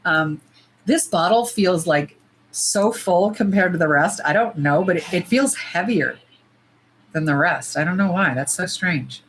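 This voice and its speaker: A middle-aged woman with a fairly low voice chats casually on a livestream, blunt and quick to swear. She sometimes breaks into loud, high squeals. A faint hiss of background noise sits under her voice. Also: rough recording. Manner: blunt, profane and animated, jumping to loud squeals. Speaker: nail polish livestream host. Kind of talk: casual livestream chat while swatching.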